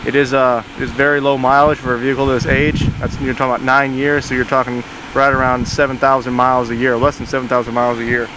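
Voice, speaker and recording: In a noisy outdoor recording at a car lot, a used-car salesman walks a buyer around a vehicle for a walkaround video. He talks fast with hardly any pauses in a mid-range, level voice, repeating "very, very" and calling the buyer "sir."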